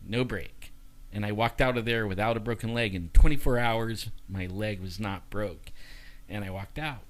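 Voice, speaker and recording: A man's voice: fairly low pitch, normal speed. Man telling a story, acting out dialogue. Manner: animated, acts out dialogue with many "you know" fillers. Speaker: guest. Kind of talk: casual storytelling.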